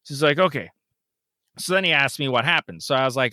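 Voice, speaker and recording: A man co-hosting a podcast, telling a story in a casual, animated way and acting out the other people's lines. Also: a little high, fast, smooth, no echo, clean studio sound. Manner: animated, acts out the other voices in his story. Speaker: podcast co-host.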